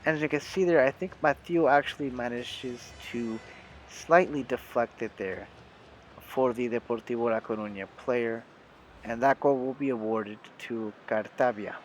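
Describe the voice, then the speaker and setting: A man's voice: mid-range voice, moderate pace, a little hiss or hum, rough recording. A young American man giving casual, chatty commentary over a football video game, talking to his viewers with lots of fillers and self-corrections. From United States. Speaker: gaming YouTuber.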